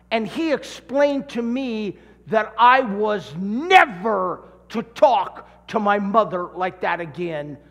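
A middle-aged pastor from California preaches with a high voice that rings through a long hall reverb. He takes his time, then acts out the voices in his story with real animation. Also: fairly bright tone. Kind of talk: sermon with personal story.

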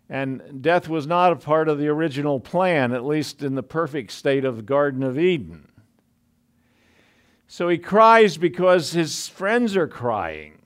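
A man's voice: on the high side, clean tone. A man preaching a sermon in a conversational way, full of asides and restarts.

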